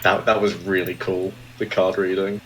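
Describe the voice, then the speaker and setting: A man's voice: sits low, level tone, moderate pace, a loud crowd, low-quality recording. A man playing a tabletop game, laid-back and easily amused in casual chat. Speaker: player.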